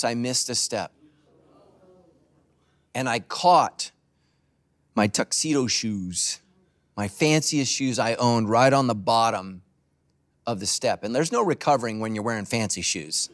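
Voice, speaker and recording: A middle-aged male pastor preaching a sermon with animated, humorous storytelling. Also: medium pitch, unhurried, long pauses.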